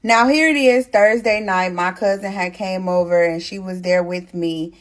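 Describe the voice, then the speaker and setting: Blunt, animated young woman telling a story. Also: fairly low pitch, moderate pace. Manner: animated, blunt, swears freely, addresses viewers as y'all. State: pregnant. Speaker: storytime host. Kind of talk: casual storytime chat.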